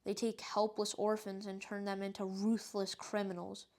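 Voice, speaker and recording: Lady reading a matter-of-fact city cop, plain voice, flat delivery, storybook. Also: mid-range voice, normal speed, close to an everyday voice. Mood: blunt. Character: gruff grown male city policeman.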